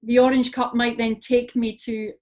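A woman's voice: fairly high pitch, normal speed. A woman poet from Scotland, talking reflectively in an interview and telling stories with lots of fillers. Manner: reflective, animated storytelling with frequent fillers. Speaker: poet guest. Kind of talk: interview conversation.

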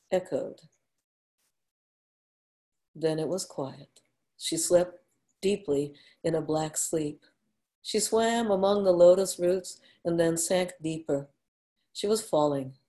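A woman reading a story aloud in a measured, unhurried narration. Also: fairly low pitch, mellow.

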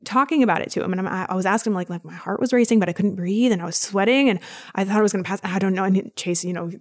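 A woman's voice: medium pitch, rapid-fire. A woman, a personal trainer, telling a personal story as a podcast guest, acting out the voices of people she quotes. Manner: lively storyteller who acts out quoted dialogue. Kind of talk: casual storytelling interview.

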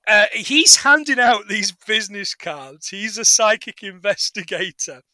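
A man's voice: sits high, expressive, measured pace, bright, forceful tone, no room sound. A man co-hosting a casual film podcast, chatty, laughing often and swearing casually. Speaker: podcast co-host.

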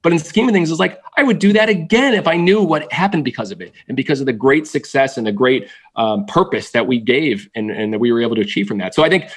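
A man in his thirties who tells personal stories as a guest in a conversation, animated and upbeat. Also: medium pitch, quick pace, few pauses. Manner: energetic, animated storyteller. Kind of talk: storytelling interview.

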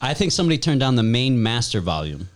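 A man's voice: medium pitch, sing-song, quick pace. A man running a small venue, recounting events in casual, easygoing chat.

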